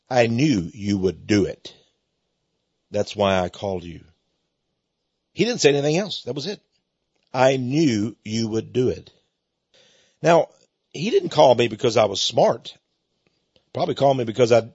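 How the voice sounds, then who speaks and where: A man's voice: medium pitch, slightly rough, no echo, highs cut off. A man preaching on a radio program in a folksy, plainspoken way, often chuckling as he talks. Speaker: radio minister.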